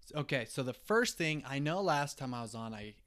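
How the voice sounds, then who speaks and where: A man's voice: medium pitch, lively intonation, a little fast, fairly bright tone. A man talking as a guest on his brother's podcast, playful and chatty. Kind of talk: casual chat.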